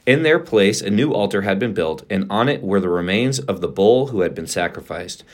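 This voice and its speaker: Man, low voice, podcast co-host, reading scripture aloud, steady plain delivery. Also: moderate pace. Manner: steady, plain reading pace with occasional slips.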